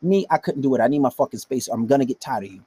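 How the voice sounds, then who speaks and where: A man's voice: medium pitch, expressive, racing, warm tone, breathy edge. A man hosting a casual monologue, giving dating advice in a blunt, profane, emphatic way.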